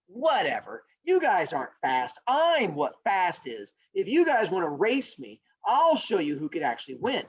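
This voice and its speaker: A man's voice: high voice, wildly swooping pitch, normal speed, few pauses, slightly rough, exaggerated voice. A cocky male rabbit who brushes everyone off with sassy trash talk, as a man puts him on. His voice swings up and down with scorn, and the audio is muffled and lo-fi. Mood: scornful.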